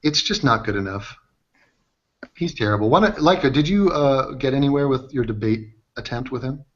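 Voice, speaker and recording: A man's voice: medium pitch, animated, moderate pace. A man hosting a casual livestream chat, joking and asking his guests questions. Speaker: livestream host. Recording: dull lo-fi stream audio.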